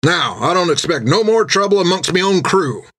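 A man voicing a burly, gruff sea captain who talks in a folksy rough sailor's dialect, raised above his own pitch. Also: big pitch swings, moderate pace, fairly bright tone, heavily acted. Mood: gruff command.

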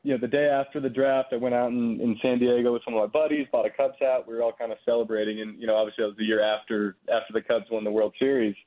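A man in his twenties, a former pitcher, telling stories in a relaxed way with plenty of fillers. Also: fast talker, hardly any pauses. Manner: relaxed storytelling, frequent fillers. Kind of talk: casual phone interview. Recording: tinny phone line.

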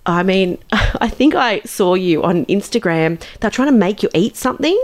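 An Australian woman hosts a relaxed podcast interview, her voice sitting at an ordinary middle pitch. She talks in a chatty, enthusiastic way, full of asides and encouragement. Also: moderate pace. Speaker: podcast host, Lord Mayor. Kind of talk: conversational interview.

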